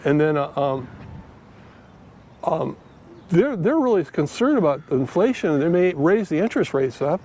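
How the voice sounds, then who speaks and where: A man's voice: a little high, very animated, normal speed, long pauses, warm tone, slight background noise. Chatty man vlogging on a walk. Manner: rambling, chatty, with many fillers. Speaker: finance vlogger. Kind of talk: casual walking vlog. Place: outdoors, walking through a park.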